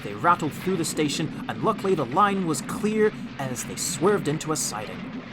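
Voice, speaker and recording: A man narrating a storybook audiobook with expressive, animated storytelling. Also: a little high, moderate pace, noisy background.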